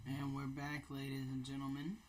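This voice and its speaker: A woman's voice: rumbling low, monotone, normal speed, over music. A woman co-hosting with a put-on British accent, playfully needling and bickering in casual banter. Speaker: co-host.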